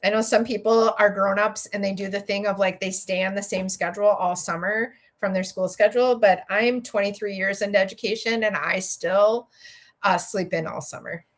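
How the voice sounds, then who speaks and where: A woman's voice: mid-range voice, steady tone, normal speed. A middle-aged woman with a Minnesota accent, hosting a livestream from home and chatting with viewers in a rambling way, often laughing. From Minnesota, USA. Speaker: livestream host and educator. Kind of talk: casual livestream chat while building.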